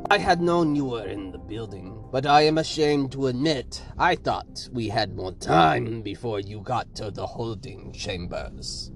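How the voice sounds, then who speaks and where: A man's voice: medium pitch, lively intonation, unhurried, vocal fry, hardly any pauses, soft background music. A sinister commander, voiced by a man, speaks with a Russian accent and takes his time over every word. He gloats and mocks from a distance, as if the listener is already beaten. This is a villain in an audio story. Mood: gloating menace. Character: menacing Russian-accented male commander, mocking.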